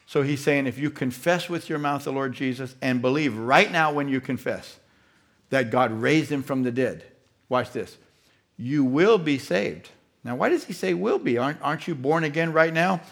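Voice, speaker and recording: A man's voice: mid-range voice, fairly bright tone. A man preaching a sermon as pastor, emphatic and rhetorical with a preachy cadence.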